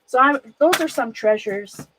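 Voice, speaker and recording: A woman's voice: high voice, lively intonation, unhurried, noisy background. A middle-aged woman streaming live, rambling nervously as she sorts through old things and greets viewers by name. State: nervous and shaky. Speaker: livestreamer. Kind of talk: casual livestream chat while sorting a closet.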